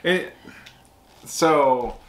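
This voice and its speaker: A man's voice: fairly high pitch, extremely slow, fairly bright tone. A man co-hosting a casual snack review, easygoing with dry remarks. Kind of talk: casual food review chat. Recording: echoey room with faint hiss.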